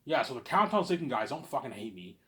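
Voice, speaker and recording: A man's voice: mid-range voice, big pitch swings, fast. Man vlogger, unscripted boastful ramble, repeats himself, volume jumps around. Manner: repetitive, boastful, keeps saying obviously; swings between loud bursts and mumbling. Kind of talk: rambling monologue.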